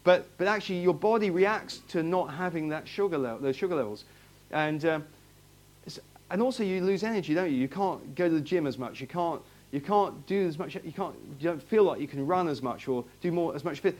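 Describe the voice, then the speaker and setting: A man's voice: on the high side, animated, fairly quick, darkish tone. A man preaching a sermon to his congregation, talking in a conversational way, asking them questions and often repeating himself. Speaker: pastor. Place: church hall, in front of a congregation.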